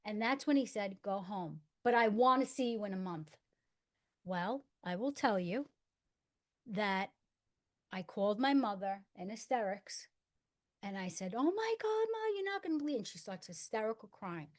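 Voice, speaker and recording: A middle-aged woman telling a personal story in conversation, acting out the dialogue and dropping to a hush for quoted lines. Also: mid-range voice, a little slow. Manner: earnest storyteller acting out dialogue in hushed tones. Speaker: guest.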